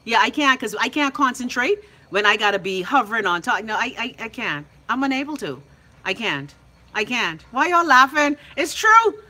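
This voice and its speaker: Brash Bahamian woman, bright voice. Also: fairly high pitch, expressive, moderate pace. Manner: brash, profane and teasing, calls out viewers by name. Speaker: host of a live call-in show. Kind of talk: loud casual livestream chat reading viewer comments.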